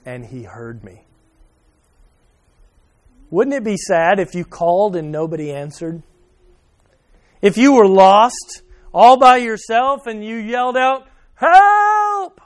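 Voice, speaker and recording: Man, high voice, sermon, questions to listeners, loud then hushed. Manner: addresses listeners by name, asks questions; swings from loud emphasis to quiet, soft remarks. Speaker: pastor.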